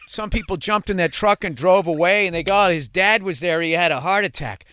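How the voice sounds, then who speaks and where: A man's voice: sits high, a little fast, sharp tone, smooth. A man with a Boston accent hosting a podcast, telling rambling stories in casual chat with swearing and laughter. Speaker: podcast host.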